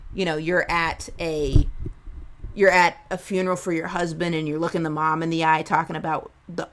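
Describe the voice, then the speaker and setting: Woman comic, 30s, solo podcast host, lowish voice, loose crude rambling riffs. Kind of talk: solo comedic monologue.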